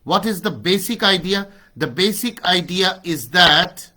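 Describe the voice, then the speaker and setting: An English teacher with a high, sharp, expressive voice teaches grammar unhurriedly in an online class over a video call. He mixes Hindi into his English and keeps asking "right?".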